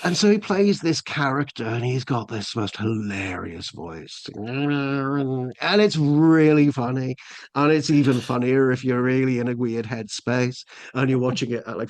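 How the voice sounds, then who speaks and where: A man's voice: mid-range voice, normal speed. A middle-aged English man telling a long personal story as a podcast guest, rambling with lots of restarts and fillers. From England. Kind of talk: casual storytelling.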